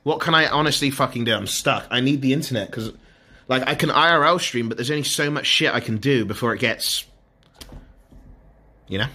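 A man's voice: mid-range voice, a little fast, pushed and bright. A man streaming from his room, ranting to chat in an exasperated, swearing way. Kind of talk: frustrated live-stream rant. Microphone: mobile phone held to face.

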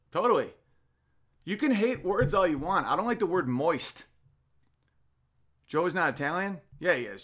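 A man in his thirties hosts a casual podcast, ranting and swearing freely between comments he reads aloud. His voice sits a touch high for a man, and he jumps from loud, heated outbursts to low mutters. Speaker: podcast host. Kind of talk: casual podcast rant, reading chat comments.

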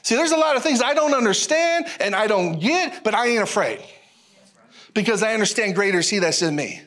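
A male pastor preaching a sermon in an animated, folksy way, repeating phrases and calling out to the congregation. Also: sits high, fairly quick. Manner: animated, repetitive, folksy preaching with audience call-outs.

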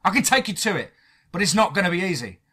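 A man's voice: on the high side, big pitch swings, fairly quick, bright, forceful tone, husky, pitched above the performer's own voice, full character voice. A man voicing an angry, defiant young man, cornered in a horror story. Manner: defiant, heated.

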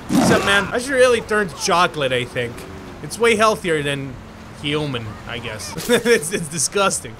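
A man commenting energetically on his own gameplay, often shouting and laughing as he plays. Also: sits high, slight background noise. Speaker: gaming YouTuber. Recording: music playing behind.

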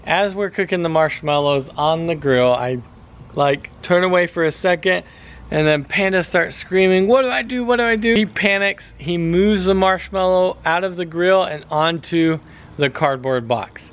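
A man's voice: fairly high pitch, a little slow, smooth, highs cut off. A man with an American accent chatting casually to the camera in a family vlog while cooking outdoors at a backyard grill. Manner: easygoing, talks straight to camera. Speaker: family vlogger.

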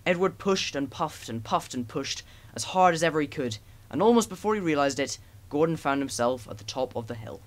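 A man narrating a children's storybook as an audiobook, in an even, gentle storytelling manner. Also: on the high side, a little fast. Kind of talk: storybook reading.

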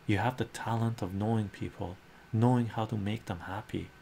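A man voicing an earnest adult man who declares his love to a colleague, read in a soft, unhurried ASMR comic reading. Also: on the low side, steady tone, creaky, a little hiss or hum.

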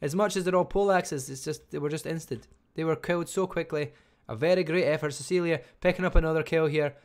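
A Scottish man casting a live online strategy game match, talking fast and chattily and barely stopping for breath. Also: a little high. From Scotland. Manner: fast, chatty, talks without pausing. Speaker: game caster. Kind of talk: live esports commentary.

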